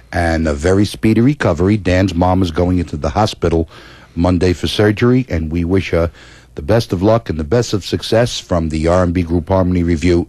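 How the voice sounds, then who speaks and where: A man's voice: low voice, darkish tone, no echo. A man co-hosting an oldies radio show, chatting casually and sending personal dedications to listeners.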